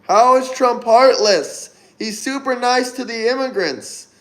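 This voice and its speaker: A man's voice: extremely high pitch, a little slow. Upbeat man hosting a livestream. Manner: upbeat, chatty, giving shout-outs. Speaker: livestream host. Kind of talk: casual live-stream chat reading comments.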